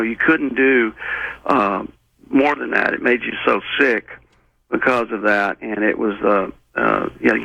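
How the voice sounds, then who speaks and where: A man as an interview guest, telling a personal story in an earnest, rambling way with many halting restarts. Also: lowish voice, creaky, sharp tone, no echo, muffled recording.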